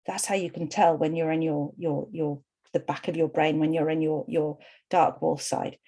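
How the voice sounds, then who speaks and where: A woman's voice: low-pitched, level tone, normal speed, mellow. Earnest woman coach leading a workshop. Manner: earnest, explanatory, with repeated lists. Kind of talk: online workshop talk.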